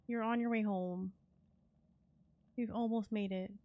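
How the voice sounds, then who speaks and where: A woman's voice: mid-range voice, fairly even intonation, unhurried, dull audio. A young woman streaming a cozy game, chatting casually with her viewers and teammates, playful and laughing often. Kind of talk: casual live-stream chat while gaming.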